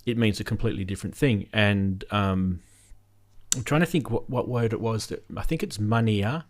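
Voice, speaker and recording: A man's voice: fairly low pitch, moderate pace. A man with a light Australian accent, hosting a casual live-stream chat and rambling with many ums. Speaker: host.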